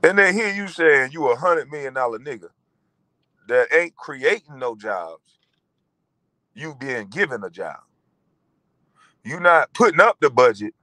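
Animated middle-aged man ranting, bright voice. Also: medium pitch, a little slow, long pauses, no room sound, rough recording. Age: 40s. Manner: animated, laughing, mocking. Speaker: vlogger. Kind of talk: profane ranting monologue.

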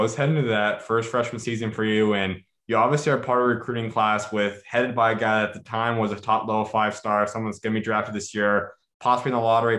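Male interviewer, brisk question-driven delivery, somewhat low voice, recorded with noticeable room echo. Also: a bit bright. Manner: quick, prepared questions with brief affirmations. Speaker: podcast host.

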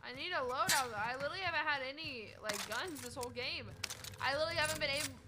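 A woman streamer with a very high voice talks bluntly and swears freely between game moments, thanking her chat as she plays. Game noise runs clearly underneath. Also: fast. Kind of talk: casual gaming stream chat.

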